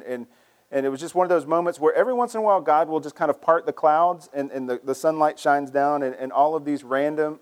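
A male pastor with a mid-range voice preaches animatedly and conversationally, often stuttering back over words as he opens a phrase.

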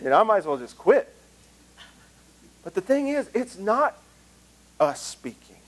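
A man's voice: sits high, big pitch swings, measured pace, poor audio. A male pastor with a Southern US accent preaching a conversational sermon, earnest and self-deprecating.

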